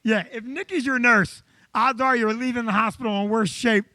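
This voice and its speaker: A male comedian hosts a live show, telling a story with animated energy. His voice sits unusually high and bright for a man. The sound is close and dry. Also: normal speed, dry recording. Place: comedy club.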